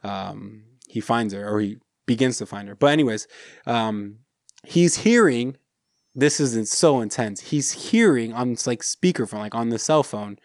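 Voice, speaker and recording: A man's voice: mid-range voice, a little slow, dry recording, clean studio sound. A man with an American accent, a podcast host chatting casually and retelling a film scene, acting out the lines. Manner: animated retelling, acts out movie lines. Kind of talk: casual chat.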